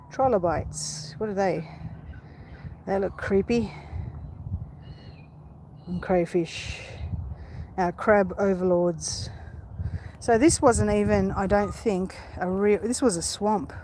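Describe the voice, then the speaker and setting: A woman's voice: medium pitch, slow, pauses often, mellow. A woman rambling casually to viewers as she walks through a park, filming on her phone. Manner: chatty, rambling, easily distracted. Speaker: vlogger. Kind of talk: casual live-stream walk. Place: outdoors in a park. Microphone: phone held while walking. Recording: faint outdoor background noise.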